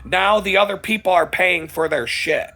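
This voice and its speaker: A man telling a rambling, profane story in a casual vlog. He gets louder and higher as it builds. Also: moderate pace. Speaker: vlogger.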